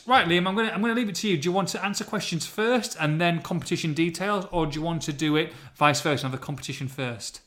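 A man hosts a football podcast, his voice sitting a little high for a man. He talks in a chatty, teasing way, ribbing his co-host and hyping things up. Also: quick pace, few pauses, a bit bright. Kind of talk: casual football podcast chat.

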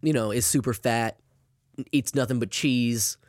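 Speaking a little slowly in a mid-range voice, a man co-hosts a laid-back podcast, telling animated, meandering stories peppered with frequent swearing. The recording is clean studio sound without any room noise.

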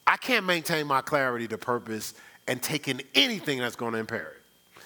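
A man's voice: medium pitch, animated, a little fast, sharp tone. A male pastor preaching a live church sermon in a conversational way, often checking in with the congregation. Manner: conversational, rhetorical, checks in with "right?".

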